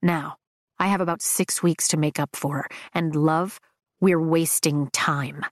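A woman voicing a brooding young man, speaking low and slow in hushed tones in an audiobook. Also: fairly even intonation, no echo, clean studio sound. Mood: teasing. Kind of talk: audiobook dialogue.

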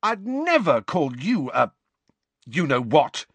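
A man's voice: a little high, sing-song, takes it slowly, a bit bright, breathy edge, no room sound, pitched above the performer's own voice, heavily acted. A man doing a cocky teenage show-off. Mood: shouting. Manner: brash, taunting. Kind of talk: audiobook character reading.

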